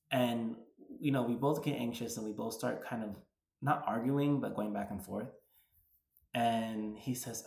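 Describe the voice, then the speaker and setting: Guy in his 30s from new york way, rambly vlog storytime, says like a lot, kinda gravelly, echoey room. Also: mid-range voice, unhurried, a little mellow. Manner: chatty, full of "like" and retold dialogue. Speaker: vlogger. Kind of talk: casual storytelling. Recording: roomy echo.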